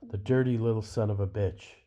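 A man reading as a gruff, cursing husband. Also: fairly low pitch, fairly even intonation, a little fast, dark tone, close to an everyday voice. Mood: angry. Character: angry working-class husband, middle-aged. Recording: dull lo-fi recording.

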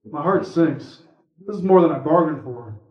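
A man's voice: a little high, moderate pace. Man reading a story aloud at a live event. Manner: relaxed, conversational, a few fillers between parts. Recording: echoey room, from far off, muffled.

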